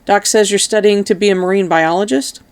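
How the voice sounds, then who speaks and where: A woman's voice: medium pitch, steady tone, a little fast, clear, resonant tone, no echo, voice pushed up, lightly acted. A woman voicing a foul-mouthed, tough female mercenary sergeant who talks in a brash, teasing way.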